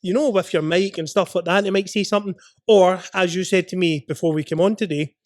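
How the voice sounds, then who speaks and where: A man's voice: sits high, steady tone, quick pace, no room sound, studio quality. A man hosting a podcast, asking probing follow-up questions in a casual interview. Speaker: podcast host.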